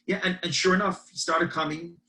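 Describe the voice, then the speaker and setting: A man, a campus rabbi telling a story in a webinar and acting out both sides of the dialogue with lively energy. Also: sits high, a little fast, low-quality recording. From Brooklyn, New York. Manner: animated, acts out dialogue.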